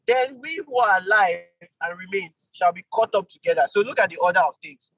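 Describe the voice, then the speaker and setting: A man teaching an online Bible study, animated, with sudden jumps in pitch for emphasis and quick apologetic asides. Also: breathy edge, no room sound, low-quality recording.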